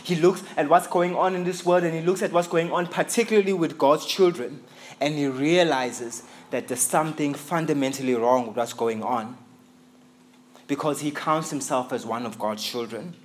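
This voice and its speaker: A man's voice: fairly high pitch, normal speed, a little hiss or hum. Earnest preacher man. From South Africa. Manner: earnest, emphatic, repeats key phrases for stress. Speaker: visiting pastor. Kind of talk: sermon. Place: church in England.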